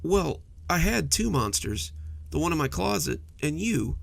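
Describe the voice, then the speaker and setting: A man voicing a timid, frightened monster hiding under a bed, gravelly and pleading in a horror story. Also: a little high, very animated, measured pace, no room sound, voice pushed up, full character voice. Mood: apologetic. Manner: blustering, whimpering, pleading.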